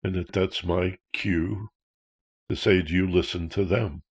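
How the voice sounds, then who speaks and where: A man's voice: low voice, steady tone, a little slow, breathy edge. A man, a counselor, talking earnestly about fear and childhood feelings, posing rhetorical questions. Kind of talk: talk on emotional self-awareness.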